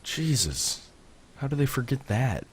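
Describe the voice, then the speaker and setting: A man's voice: medium pitch, sing-song, a little slow, husky. A man co-hosting a podcast in casual chat, teasing and joking with the others. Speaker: podcast co-host.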